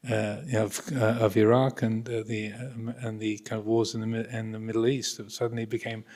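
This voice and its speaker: A man's voice: fairly low pitch, level tone, brisk, a little mellow. Man giving a hesitant monastery talk. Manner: thoughtful, hesitant, many restarts. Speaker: Buddhist monastic teacher. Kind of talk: Dharma talk to visitors. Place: Buddhist monastery hall. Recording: reverberant hall recording.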